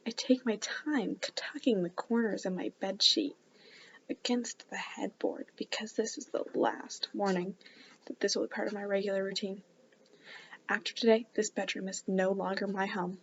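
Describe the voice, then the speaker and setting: Woman reading a book aloud for her club, soft and hushed, kinda muffled lo-fi sound. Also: medium pitch, fairly even intonation, normal speed, slight background noise. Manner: reads in a soft, hushed tone, stops for chatty asides. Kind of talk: casual read-aloud of a novel.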